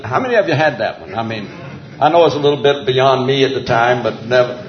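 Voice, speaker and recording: A man's voice: mid-range voice, expressive, a little fast. An older man preaching a sermon to a men's group, folksy and chuckling, drawing out emphatic repeated phrases. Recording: roomy, dull lo-fi sound.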